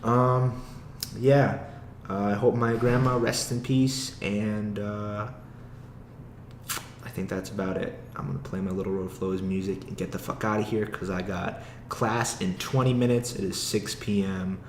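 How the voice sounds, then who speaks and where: A young man talks through a casual solo podcast in a lowish voice, rambling from one thought to the next. He swears freely and laughs often, and his voice rings in a roomy space over a faint background hiss. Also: little pitch movement, measured pace. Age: young adult. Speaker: podcast host. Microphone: own podcast mic.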